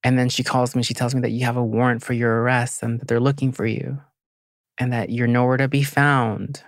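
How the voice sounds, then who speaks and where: A woman's voice: rumbling low, level tone, fairly quick, no echo, studio quality. A woman, asking questions in a direct, determined way. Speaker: older sister, interviewer. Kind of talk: conversational interview.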